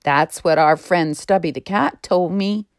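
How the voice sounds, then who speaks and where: A woman voicing a gentle, earnest young male ferret in a children's storybook reading. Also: on the low side, unhurried, clear, resonant tone, no echo, studio quality. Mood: cheerful.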